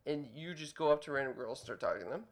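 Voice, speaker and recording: A co-host in a casual chat, asking incredulous, halting questions. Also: mid-range voice, lively intonation.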